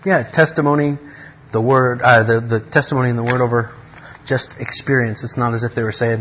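A man leading a Bible study in an earnest, rambling way, often restarting his sentences and growing excited over the text. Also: mid-range voice, brisk, lo-fi sound, slight background noise. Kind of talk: casual Bible teaching.

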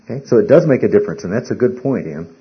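A man teaching a Bible study class. He speaks haltingly, repeats words and keeps asking the class questions. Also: on the low side, expressive, breathy edge. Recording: muffled lo-fi recording.

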